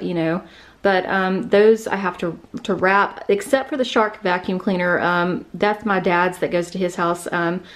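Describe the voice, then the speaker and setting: With a medium-pitched, fairly bright voice, the woman narrates her house tour indoors, chatting loosely with many fillers and a touch of breathlessness as she walks.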